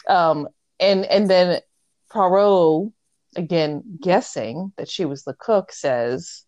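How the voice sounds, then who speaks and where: A woman's voice: low-pitched, takes it slowly, a little mellow, dry recording, muffled recording. A woman co-hosting a podcast in casual, playful chat, often laughing. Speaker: podcast co-host.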